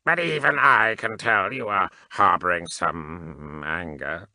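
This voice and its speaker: Regulus, a cold cyborg adept with a very deep yet sharply bright, mechanized voice, as a man puts him on. He speaks slowly and precisely, calm and unfeeling, in a dry, close recording for an audiobook. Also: dry recording, full character voice. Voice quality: mechanized, emotionless.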